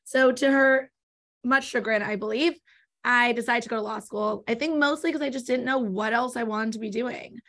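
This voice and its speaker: A woman with a Californian accent, an estate planning attorney answering interview questions in a quick, explanatory way. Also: on the high side, fairly bright tone. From born in New York, raised in Los Angeles. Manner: talks fast, explanatory.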